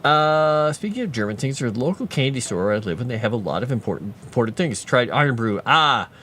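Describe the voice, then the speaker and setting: Male streamer, casual tangent-prone chatter, animated intonation. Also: mid-range voice, quick pace, a little hiss or hum. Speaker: writer streaming his lore writing. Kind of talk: casual livestream chat with viewers.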